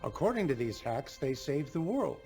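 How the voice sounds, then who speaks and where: An actor playing a sour, scornful older bureaucrat in a film trailer, over trailer music. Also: male voice, mid-range voice, big pitch swings, moderate pace, a little mellow. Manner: scornful, dismissive. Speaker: trailer character.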